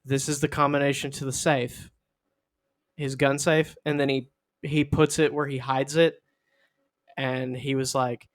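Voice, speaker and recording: A man's voice: little pitch movement, a little slow, long pauses. A young man co-hosting a podcast, telling a rambling, jokey story in casual chat. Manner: rambling, jokey, acts out quotes in a high squeaky voice. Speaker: podcast co-host.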